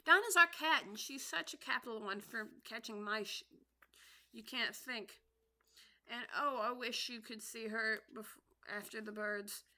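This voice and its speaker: Alice, an earnest, polite young girl, as a woman reading aloud plays her, with a raised, bright voice. She speaks humbly but eagerly, in the manner of a classic storybook heroine. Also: a little high, fairly even intonation, a little slow.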